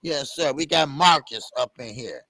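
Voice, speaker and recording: A man's voice: mid-range voice, normal speed, creaky, no room sound. A man co-hosting a casual boxing talk stream, greeting viewers by name with upbeat energy. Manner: hypes up, shouts out viewers by name. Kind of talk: casual live-stream chat.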